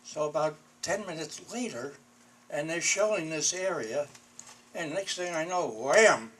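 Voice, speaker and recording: A man's voice: fairly high pitch, animated, measured pace, a bit bright, breathy edge, rough recording. A man in his eighties, a war veteran, telling wry memories in a chuckling, anecdotal way. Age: 80s. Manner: chuckling, wry storyteller, often breaking into laughter. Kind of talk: anecdotal storytelling.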